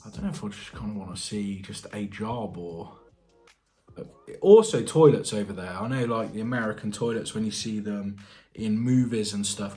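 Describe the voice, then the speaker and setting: A British man from the United Kingdom, a plumber who hosts his own channel, talks in a lowish, darkish voice. In his reaction vlog he chats casually, thinking out loud and putting questions to his viewers.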